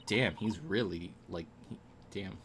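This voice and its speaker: A man's voice: low-pitched, unhurried, a bit bright, slight background noise. A man streaming a video game, making casual joking asides between the dialogue he reads aloud.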